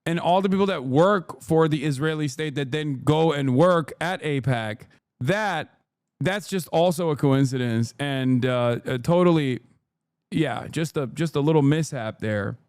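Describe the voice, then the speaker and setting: Man, 30s, streamer, sarcastic and blunt, fairly high voice, dry sound. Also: unhurried, darkish tone, smooth, no room sound. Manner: blunt, sarcastic, laughing often. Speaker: streamer reacting to a clip. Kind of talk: casual commentary.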